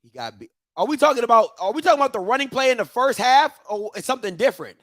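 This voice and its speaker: A man hosts a football watch party and reacts to every play at full volume. His high voice swings wildly up and down as he trash-talks. The sound is dry and close, with no room echo. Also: quick pace. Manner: loud, excitable, trash-talking. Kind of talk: live reaction commentary.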